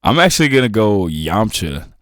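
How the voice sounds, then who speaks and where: A man's voice: fairly low pitch, sing-song, moderate pace, a bit bright, no room sound, clean studio sound. A man co-hosting a casual podcast, talking in loose slang and laughing often. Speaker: podcast co-host.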